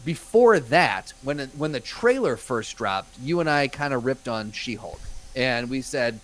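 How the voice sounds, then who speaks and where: A man co-hosting a podcast in casual chat, upbeat and quick to egg his partner on. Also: medium pitch, expressive, low-quality recording. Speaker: podcast co-host.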